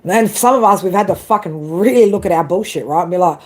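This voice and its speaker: A woman's voice: medium pitch, lively intonation, fairly quick, hardly any pauses. A woman giving a casual live tarot reading, rambling and profane, tagging her sentences with "right?" and "man" and breaking into laughs. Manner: frequent laughs and self-corrections. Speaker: tarot reader.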